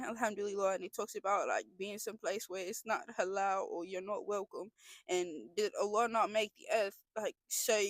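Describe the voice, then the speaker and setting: A woman's voice: medium pitch, dry recording. A young woman talking in a casual confessional vlog, earnest and emotional, rambling with frequent restarts. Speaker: vlogger.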